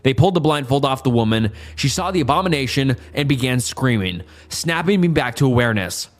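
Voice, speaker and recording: A man reading a first-person horror story aloud at a steady, quick pace. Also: mid-range voice. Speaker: story narrator.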